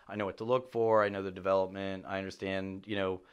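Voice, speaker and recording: Animated low-voiced man telling stories. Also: fast talker, smooth, dull audio. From Chicago area. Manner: animated storyteller, swears for emphasis, rises sharply when excited. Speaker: podcast guest, real estate agent. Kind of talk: casual chat.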